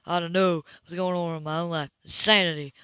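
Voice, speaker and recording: A reader putting on a gruff swearing man, blunt and hot-tempered, crisp bright tone, dull lo-fi sound. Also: on the high side, steady tone, fast talker, dry recording. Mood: bitter. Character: angry rough-edged grown man, hot-tempered brother.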